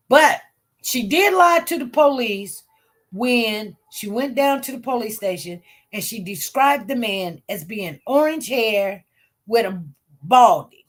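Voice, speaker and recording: Woman, high voice, emphatic, repetitive, casual news commentary. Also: expressive, unhurried.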